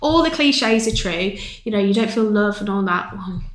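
A woman's voice: medium pitch, moderate pace. A woman, a podcast guest telling a story in casual chat and acting out what other people said. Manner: animated storytelling, acts out other people's lines. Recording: roomy echo.

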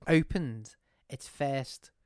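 A man's voice: mid-range voice, very slow, darkish tone, clear, resonant tone, dry recording, clean studio sound. A man co-hosting a podcast, joking and asking quiz questions. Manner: jokey, fond of silly impressions. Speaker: podcast co-host and quizmaster. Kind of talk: casual chat.

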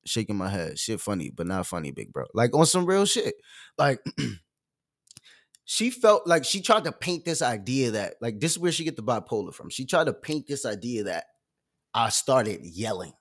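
Speaking at normal speed in a mid-range voice, this live streamer runs his own show with loud, expressive energy. His talk is full of casual slang and fillers.

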